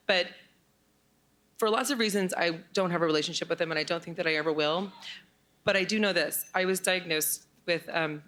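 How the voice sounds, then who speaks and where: A woman in her forties tells a true story from her own life in front of an audience. She speaks candidly and bluntly, with casual swearing. Her voice sits a little low yet sounds bright and sharp. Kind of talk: live personal storytelling.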